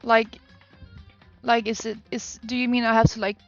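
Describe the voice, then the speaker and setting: A young woman from Sweden with a Swedish accent, chatting casually to her live-stream viewers from her desk at home, self-deprecating and quick to exclaim. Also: on the high side, level tone, muffled recording, faint music behind.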